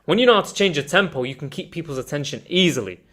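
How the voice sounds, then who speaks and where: Man, communication coach, course lesson, energetic, emphatic, slightly high voice. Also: fast talker. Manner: energetic, emphatic, addresses viewers as guys.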